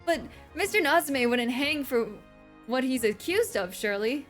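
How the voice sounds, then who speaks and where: A woman's voice: high-pitched, expressive, normal speed, soft background music, pitched above the performer's own voice. Woman reading as polite earnest young lawyer. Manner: earnest, courteous.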